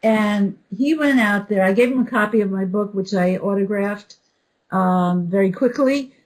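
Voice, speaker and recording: A woman hosting a webinar, telling a story in an animated way and quoting the people in it. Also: medium pitch, moderate pace, low-quality recording. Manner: animated storyteller, quotes others. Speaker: webinar host. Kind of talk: storytelling introduction.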